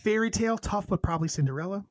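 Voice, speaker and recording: A man's voice: high voice, animated, very fast, no echo. A man co-hosting a podcast in casual chat, reading a list aloud and cracking crude jokes between items. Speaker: podcast co-host.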